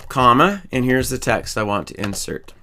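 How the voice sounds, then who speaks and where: A man teaching a programming lesson, calmly walking through each step as he types code. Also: medium pitch, normal speed, a little hiss or hum. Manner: calm, methodical, explains each step while typing. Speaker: programming instructor. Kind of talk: screen-recorded coding tutorial.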